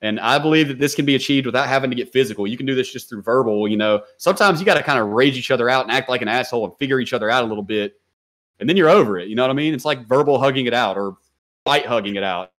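Fast-talking, profane man telling a story. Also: mid-range voice. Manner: profane, slangy, animated storyteller. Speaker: podcast guest. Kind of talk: casual storytelling.

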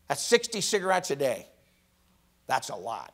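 A man preaching a sermon as pastor in a college chapel. He is animated, moving from loud exclamations to hushed whispers. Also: medium pitch, normal speed, long pauses.

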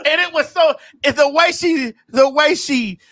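A woman hosting a casual chat show, telling a story loudly and dramatically and breaking into laughter. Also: high-pitched, a little slow, a crowd in the background. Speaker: host.

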